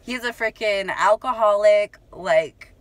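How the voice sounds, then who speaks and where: A young woman, telling a story in casual vlog chat, chatty and animated, with many fillers and laughs. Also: mid-range voice, slow, no echo, low-quality recording. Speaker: vlogger.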